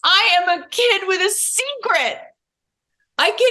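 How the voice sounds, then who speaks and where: A woman co-hosting a casual recap chat, with a bright, lively voice of middle pitch. Her talk is playful and full of jokey asides. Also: a little slow. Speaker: podcast co-host.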